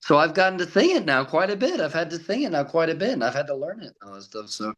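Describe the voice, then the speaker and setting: A man's voice: a little high, sing-song, fast talker, a bit bright, low-quality recording. A young man, a tribute artist for a famous singer, chatting casually as a podcast guest, telling stories with frequent laughs and acting out what others said. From Colorado. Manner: chatty storyteller, laughs often, acts out other voices.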